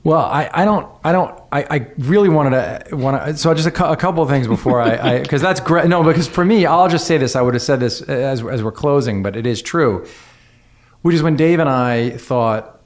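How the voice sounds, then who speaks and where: A middle-aged man hosting an interview, talking in an earnest and halting way with many restarts. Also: mid-range voice. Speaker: podcast host. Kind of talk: conversational interview.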